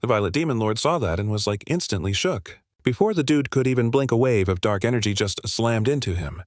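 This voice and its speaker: A man's voice: mid-range voice, animated, brisk, no room sound, studio quality. A man narrating a comic recap in a casual, slangy, breezy way.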